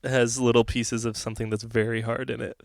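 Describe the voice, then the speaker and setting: A man's voice: medium pitch, level tone, fairly quick, creaky, dry recording. Man, podcast co-host, casual storytelling, laughs a lot, very dry close sound. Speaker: podcast co-host, band member.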